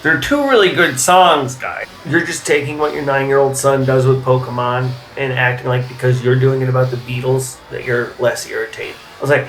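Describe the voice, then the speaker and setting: A young man delivering absurdist comedy monologues in a deadpan, rambling way. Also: medium pitch, fairly quick, soft background music. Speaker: comedy sketch creator.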